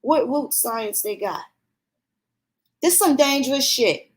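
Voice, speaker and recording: Woman, AAVE, high voice, heated, profane, mocking commentary. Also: expressive, slow pace. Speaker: commentary vlogger. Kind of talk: ranting commentary.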